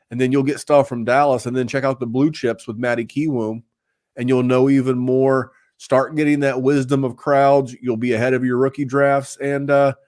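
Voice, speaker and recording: A man's voice: medium pitch, darkish tone, dry recording, studio quality. A man hosting a fantasy football podcast in casual chat, rambling with fillers and restarts. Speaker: podcast host.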